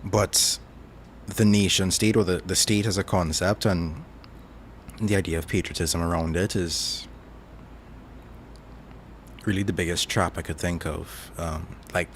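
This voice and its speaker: A man hosting a casual chat stream, answering viewer questions in a relaxed, thoughtful way with frequent fillers. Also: low voice, a little hiss or hum.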